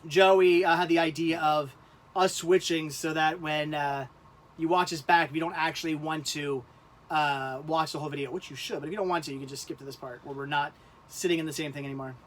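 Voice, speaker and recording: High-voiced man rambling on a livestream. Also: fairly even intonation, a bit bright. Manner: rambling, halting, laughs often. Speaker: livestream host. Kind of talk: casual livestream chat.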